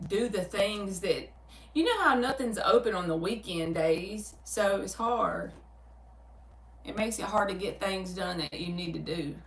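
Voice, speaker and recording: A woman with a Southern US accent hosts a laid-back livestream, reading viewer comments aloud and answering each one in a chatty, animated way. She laughs easily and her voice sits in the middle of the range. She is set back from the mic, and the room adds a roomy echo. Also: mid-range voice, recorded from a distance. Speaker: tarot reader hosting a livestream. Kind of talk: casual livestream chat with viewers. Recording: roomy sound, speaker away from the mic.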